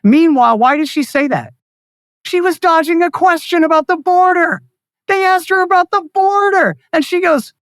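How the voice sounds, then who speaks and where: A man's voice: extremely high pitch, moderate pace, a bit bright, no room sound, studio quality. A man speaking as a guest in a political interview, ranting with sarcasm and scorn. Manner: mocks others in put-on voices. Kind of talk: heated political interview talk.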